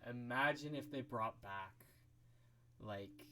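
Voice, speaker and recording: A young man co-hosting a casual podcast chat, relaxed and a bit hesitant as he talks. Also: medium pitch, slow pace, slight background noise. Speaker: podcast co-host.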